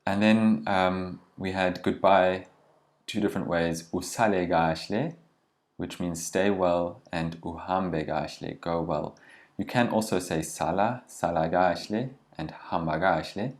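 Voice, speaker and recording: Male language teacher, very low voice, patient and explanatory. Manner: patient, slows down to model pronunciation.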